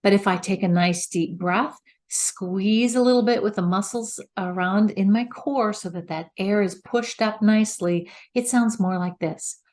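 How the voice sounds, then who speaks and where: A middle-aged woman teaches as a voice coach, explaining each step patiently. She speaks slowly and carefully at a medium pitch, leaving room between her points. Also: darkish tone. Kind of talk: instructional talk.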